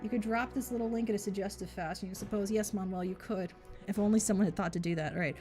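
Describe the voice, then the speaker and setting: A woman's voice: mid-range voice, fairly even intonation, fast talker, mellow, soft background music. A woman streaming a game live, chatting casually in a joking, rambling, mock-boastful way.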